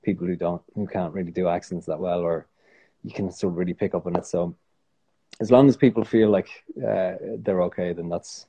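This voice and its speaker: An Irish actor, appearing as a guest, chats casually and in a relaxed way, rambling and correcting himself with lots of restarts. He has a low-pitched, fairly quick voice with a breathy edge.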